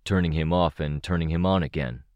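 A man's voice: rumbling low, a little fast, dry recording, lo-fi sound. A man voicing an earnest young male teammate in an audiobook, speaking plainly and matter-of-factly.

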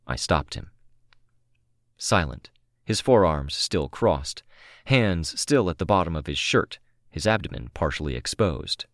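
Deep, slow male audiobook narrator. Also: dry recording, studio quality. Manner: calm, measured, first-person reading. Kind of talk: scripted narration of a novel.

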